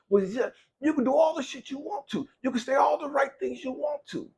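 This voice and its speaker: A man giving an impassioned motivational talk, preachy and profane, swinging from low musing to loud outbursts. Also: brisk, vocal fry, few pauses. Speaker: motivational speaker.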